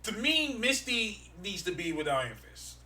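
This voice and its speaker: A man co-hosting a casual podcast, mocking and exclaiming loudly, laughing often as he rants about comic books. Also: high voice, sing-song, moderate pace, reverberant, distant mic, slight background noise. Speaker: podcast co-host.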